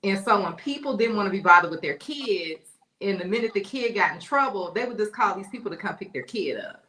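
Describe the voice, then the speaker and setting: A woman panelist in a casual gossip chat, telling long stories in relaxed, informal speech. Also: mid-range voice, a little fast, roomy sound. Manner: storytelling, informal dialect. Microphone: remote call.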